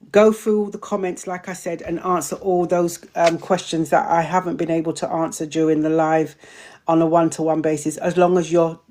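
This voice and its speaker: A woman hosts a live online community session and talks straight to her viewers. Her voice sits slightly low, and her chatty delivery now and then stumbles over longer words. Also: darkish tone. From Britain. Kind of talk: live-stream chat and viewer Q&A.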